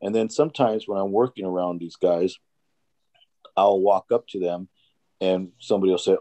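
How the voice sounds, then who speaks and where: A man's voice: deep voice, fairly even intonation, moderate pace, pauses often, dark tone, no room sound. A man in a casual church discussion, earnestly telling stories and acting out conversations he has had. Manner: earnest, storytelling, acts out conversations. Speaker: Bible study participant.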